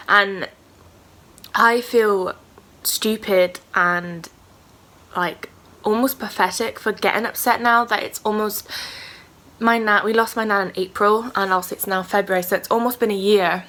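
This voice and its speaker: Bright-voiced woman, candid vlogger. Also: mid-range voice. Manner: candid, rambling, many fillers. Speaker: writer vlogger. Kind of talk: casual vlog talk.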